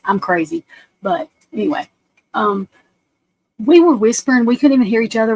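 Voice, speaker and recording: A woman's voice: lowish voice, creaky, husky, poor audio. A woman in her forties with a drawl chats loosely on a livestream. She rambles from story to story, blunt and profane, and keeps turning to her viewers. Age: 40s. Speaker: livestream host. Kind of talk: casual chat on a livestream.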